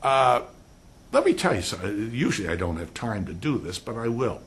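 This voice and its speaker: An older man giving a classroom lecture on law, animated and rhetorical, often mimicking stiff lawyer talk. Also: lowish voice, brisk. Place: lecture room.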